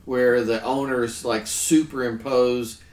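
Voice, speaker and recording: A man hosting a podcast in a relaxed, rambling way, often breaking in to agree. His voice sits at an ordinary middle pitch. The recording has a roomy echo around it. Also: slow pace. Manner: chatty, affirms often with "yes". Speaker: podcast host. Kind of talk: casual podcast discussion.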